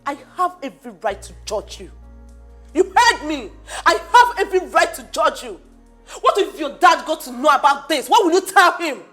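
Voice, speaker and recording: An incredulous scolding friend, high, animated, soft music. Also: female voice, normal speed. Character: outraged young woman confronting her friend. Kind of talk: Nollywood film drama.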